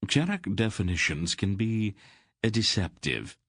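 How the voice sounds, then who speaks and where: A man's voice: fairly low pitch, big pitch swings, measured pace, a bit bright, no room sound, full character voice. A man doing a wry, sour little thief. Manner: wry, dry. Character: wry, sardonic male thief, uneasy. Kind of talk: audiobook character voice.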